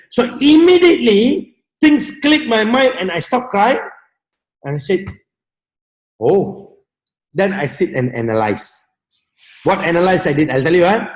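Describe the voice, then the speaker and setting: A man giving a motivational talk, with dramatic swings from shouting to low murmurs and emphatic, repetitive phrasing. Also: roomy sound, poor audio. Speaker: motivational speaker.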